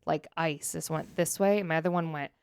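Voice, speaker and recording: Podcast lady telling a story all animated, lowish smooth voice. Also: brisk, no room sound, clean studio sound. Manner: animated storyteller, acts out quotes. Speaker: podcast co-host. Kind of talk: casual chat. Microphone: studio dynamic mic.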